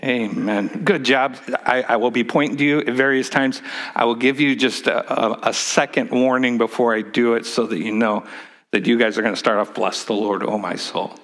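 Chatty joking pastor, man, mid pitch. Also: steady tone, moderate pace, fairly bright tone. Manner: conversational, joking, leads call-and-response; repeats words as he restarts. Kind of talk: sermon. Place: church sanctuary with a congregation.

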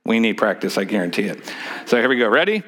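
A man's voice: lowish voice, big pitch swings, quick pace, noisy background. A male pastor preaching a sermon in a church, speaking in a conversational, joking way, leading the congregation in call-and-response and often repeating words as he restarts.

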